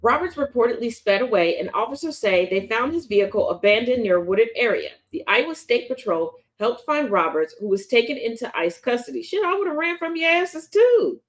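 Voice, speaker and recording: A woman's voice: fairly high pitch, big pitch swings, brisk, hardly any pauses. A woman hosting a daily news commentary show, talking bluntly and sarcastically with plenty of profanity. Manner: taunting, confrontational. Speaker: host.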